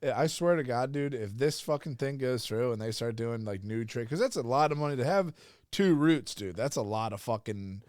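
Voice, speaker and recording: A man's voice: medium pitch, normal speed, a little mellow, dry recording, studio quality. A man co-hosting a podcast, reacting in laid-back, profane casual chat. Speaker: podcast co-host.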